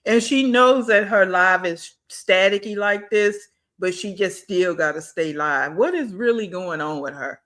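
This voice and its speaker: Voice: mid-range voice, unhurried, few pauses, fairly bright tone. A reaction channel host giving blunt, scolding commentary and talking back at a clip.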